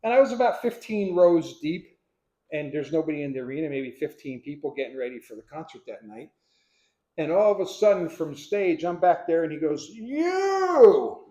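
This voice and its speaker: A man in his sixties from Pennsylvania telling his life story to a live audience, acting out what people said as a lively storyteller. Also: fairly high pitch, a little fast. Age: 60s. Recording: echoey room.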